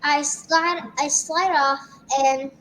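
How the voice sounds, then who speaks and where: A woman playing a character in a tabletop game, halting and repeating her words. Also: high-pitched, fairly even intonation, fairly bright tone, a little hiss or hum, poor audio. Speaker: player.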